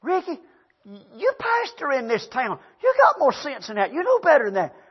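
A man's voice: extremely high pitch, huge pitch swings, normal speed, highs cut off, pitched above the performer's own voice, exaggerated voice. A man voicing his exasperated wife scolding him in a sermon story. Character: scolding wife, middle-aged woman, exasperated.

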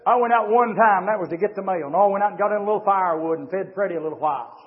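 A man preaching a fiery revival sermon in a church, swinging from shouted, rising lines to low, quiet asides. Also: very fast. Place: church sanctuary with a congregation. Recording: dull lo-fi 1990s church recording with long reverb.

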